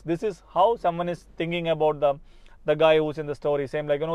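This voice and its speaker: A man with a Malayalam accent teaches spoken English in an earnest, repetitive way, slightly higher-pitched than most men. The recording is dry and a little dull. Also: level tone, fast talker, darkish tone, clear, resonant tone, no room sound. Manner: earnest, repeats words and asks "right?". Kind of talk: motivational spoken-English lesson.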